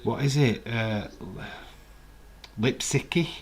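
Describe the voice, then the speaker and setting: During a relaxed live watch-along, a West Yorkshire host with a Yorkshire accent teases and argues with his viewers. His voice sits in the mid range, and he takes his time speaking.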